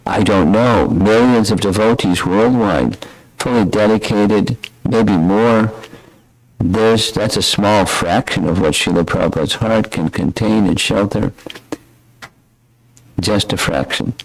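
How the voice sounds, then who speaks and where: Older male spiritual teacher, very low voice, close and dry sound, reflective class delivery. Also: no room sound, rough recording. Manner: reflective, unhurried storytelling. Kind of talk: scripture class.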